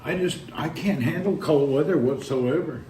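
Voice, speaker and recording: A man's voice: on the high side, normal speed, dark tone. A man chatting casually on a live stream, rambling and joking with frequent laughs, talking from inside a vehicle. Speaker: vlogger. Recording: noisy car ambience.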